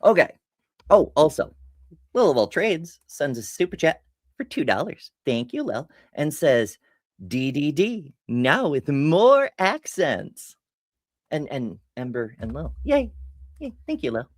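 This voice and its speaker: A woman's voice: low-pitched, big pitch swings, a little slow, a little mellow, dry recording, clean studio sound. A woman hosting a casual live stream, telling a story in a rambling way, often breaking off mid-sentence and laughing.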